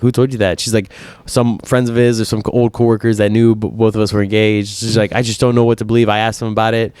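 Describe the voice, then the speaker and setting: A man on a casual podcast, telling a long story with lively swings and quoting himself in a higher voice. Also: smooth, no echo, clean studio sound. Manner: animated storyteller, voice jumps up when quoting himself. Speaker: podcast co-host.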